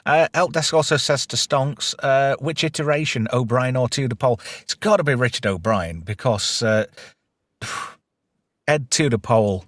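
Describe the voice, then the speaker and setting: A man hosting a loose live-stream chat, reading out viewer comments and swearing freely. His voice sits at an ordinary middle pitch and sounds dry and close, with no room around it. He breaks into loud laughter often. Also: moderate pace, no room sound. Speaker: podcast host.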